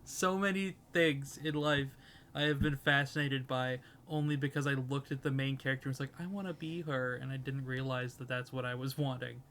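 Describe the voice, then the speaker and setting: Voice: mid-range voice, steady tone, moderate pace, fairly bright tone, slight background noise. A podcast co-host in casual chat who laughs often and rambles through stories.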